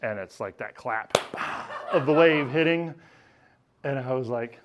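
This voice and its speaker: A man's voice: mid-range voice, measured pace, lo-fi sound, noisy background. A man telling a candid, self-mocking personal story on stage at a live storytelling event, laughing as he goes.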